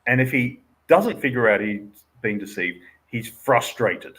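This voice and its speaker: A man's voice: mid-range voice, expressive, measured pace, a bit bright. A man co-hosting a casual livestream, talking through game scenarios in a thoughtful, analytical way and laughing often. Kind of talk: casual chat about tabletop games.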